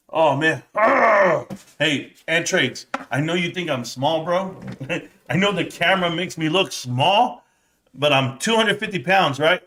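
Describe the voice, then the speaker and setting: Man, middle-aged, live stream host, joking trash talk, winded, slightly high voice. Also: sharp tone. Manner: brash, joking, trash-talking. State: out of breath. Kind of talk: casual live stream chat.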